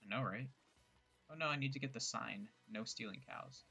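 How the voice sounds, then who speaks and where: A gravelly, bright-toned young man rambles through a casual gameplay session, tossing out jokes and self-mocking asides. His voice sits fairly low with a crisp edge. Faint game music plays underneath. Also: moderate pace. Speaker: gameplay streamer.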